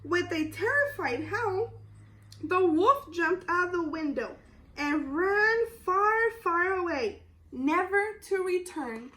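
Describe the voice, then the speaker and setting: A woman student teacher reading a picture book aloud to young children, telling it slowly and expressively. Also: very high-pitched. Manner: slow, expressive storytelling.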